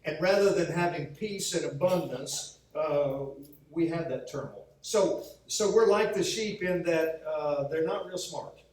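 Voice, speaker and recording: Speaking at a measured pace, this pastor's fairly high, somewhat mellow voice carries humorous anecdotes through his sermon, with quoted lines acted out. It's recorded from a distance in a church sanctuary with heavy hall echo.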